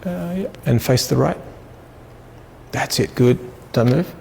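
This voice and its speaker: A man, a portrait photographer, calmly giving step-by-step posing directions during a photo shoot. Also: medium pitch, unhurried, vocal fry, big-room sound, a little hiss or hum.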